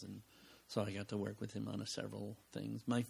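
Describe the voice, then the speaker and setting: An older man, a podcast guest recorded at home, telling animated anecdotes, acting out the voices of people he quotes and laughing often. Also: on the low side, fairly quick, creaky, slightly rough. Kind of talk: casual anecdotal storytelling.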